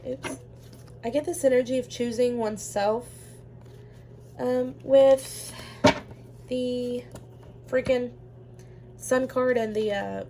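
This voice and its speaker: A woman's voice: a little high, noisy background. A woman giving a casual pick-a-card tarot reading, chatty and rambling, with lots of ums and easy laughter. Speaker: tarot reader.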